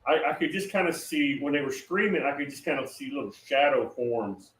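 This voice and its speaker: A man's voice: mid-range voice, expressive, brisk, fairly bright tone. A man casually recounting a dream in a rambling way, with many fillers and restarts. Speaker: guest recounting a prophetic dream. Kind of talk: casual conversational storytelling. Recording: roomy, distant mic with faint noise.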